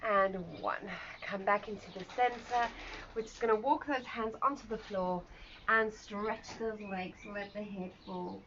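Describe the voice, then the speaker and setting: A woman guides a live online pilates session, calling out each movement in a warm, encouraging way and slipping in joking asides. Her voice sits at an ordinary pitch. The recording sounds a little muffled, with a faint background hiss. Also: steady tone, a little slow. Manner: chatty, encouraging cues with self-deprecating asides. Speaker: pilates instructor. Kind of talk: live online exercise class instruction. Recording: slightly dull sound with faint ambient noise.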